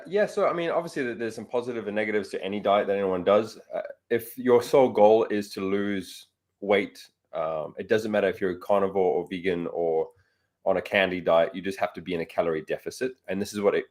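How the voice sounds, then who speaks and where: A man's voice: low-pitched, a little mellow. A man, a fat loss coach guest on a radio show, confidently explaining diets. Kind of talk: casual radio interview.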